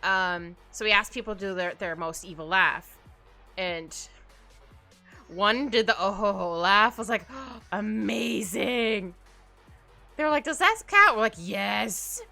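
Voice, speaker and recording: A woman's voice: medium pitch, pushed and bright. A young woman streaming as she draws, chatting casually, giggling often and rambling. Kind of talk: casual chat while drawing on stream. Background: faint background music.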